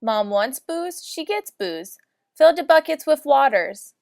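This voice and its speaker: A woman voicing a sweet, gentle male kitten savior in laid-back lolcat baby talk. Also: high voice, sing-song, slow pace, vocal fry, full character voice. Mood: easygoing.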